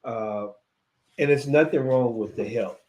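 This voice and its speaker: A man's voice: medium pitch, measured pace, darkish tone, dull audio. Reflective man giving advice on a podcast. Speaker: podcast co-host, DJ. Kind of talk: casual chat.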